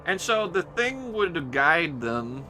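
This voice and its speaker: A man's voice: fairly high pitch, big pitch swings, slow pace, sharp tone, soft background music. A man recapping his tabletop campaign as game master, rambling and hesitant with many fillers and restarts.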